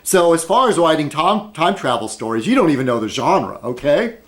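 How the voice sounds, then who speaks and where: A man's voice: on the high side, very animated, normal speed. A man rambling at his desk in an opinion video blog, arguing with many rhetorical questions and fillers. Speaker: video blogger.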